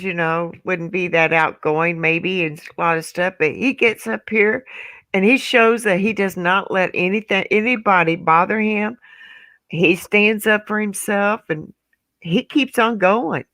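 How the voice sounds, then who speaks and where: Middle-aged woman, animated storyteller, bright tone, dry sound. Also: medium pitch, unhurried, dry recording. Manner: animated storyteller, acts out voices. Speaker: trivia night participant. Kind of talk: casual chat, telling a funny story.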